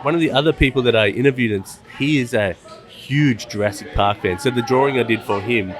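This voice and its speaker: A man's voice: mid-range voice, a little fast, crowd noise. A man hosting a podcast in casual chat, laid-back, swearing and laughing easily. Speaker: podcast host and illustrator. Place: coffee shop.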